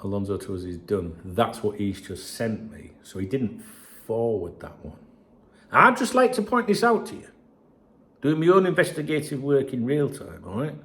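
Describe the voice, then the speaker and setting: Sweary chatty football host, gravelly. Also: male voice, mid-range voice, huge pitch swings, moderate pace, fairly bright tone. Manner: chatty, sweary, rambling asides to viewers. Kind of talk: casual solo commentary reading messages.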